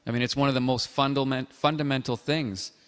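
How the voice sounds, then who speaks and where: A man's voice: mid-range voice, fairly even intonation, a bit bright, smooth. Earnest male call-in host with reverb. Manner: earnest, measured, hesitant with fillers. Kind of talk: call-in chat show.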